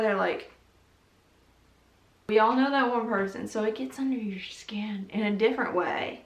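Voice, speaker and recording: A young woman hosting a casual video, chatting and giggling about TV episodes with lots of "like". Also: medium pitch. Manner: chatty and giggly, heavy use of "like". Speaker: YouTube host. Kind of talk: casual chat reviewing TV episodes. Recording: roomy echo, mic at a distance.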